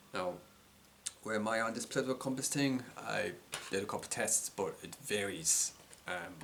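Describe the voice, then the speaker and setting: A low-voiced Irish man thinking out loud in a loose, unscripted monologue. He stalls on fillers and restarts words, drifting from point to point as he talks. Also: slight background noise. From Ireland. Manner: rambling, hesitant, full of ums and restarts. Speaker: vlogger. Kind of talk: casual monologue.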